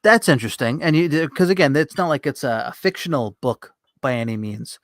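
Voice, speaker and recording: A man's voice: fairly high pitch, lively intonation, brisk, fairly bright tone, no echo, clean studio sound. Easygoing male podcast host. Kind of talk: casual podcast chat. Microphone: podcast studio mic.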